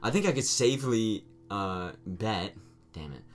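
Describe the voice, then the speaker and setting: A man's voice: lowish voice, lively intonation, unhurried. A man co-hosting a casual podcast chat, joking and giggly, with rambling restarts. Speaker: podcast co-host.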